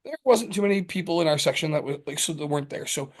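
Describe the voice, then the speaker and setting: A man's voice: fairly high pitch, animated, fast. A man co-hosting a casual podcast chat, heated and profane, telling stories with acted-out quotes. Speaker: podcast co-host.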